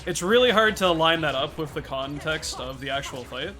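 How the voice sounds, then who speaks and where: Casual young guy streamer, fairly high, bright voice, quiet game music underneath. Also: animated, normal speed. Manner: laid-back, thanks viewers and explains game tactics. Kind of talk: casual livestream chat while speedrunning.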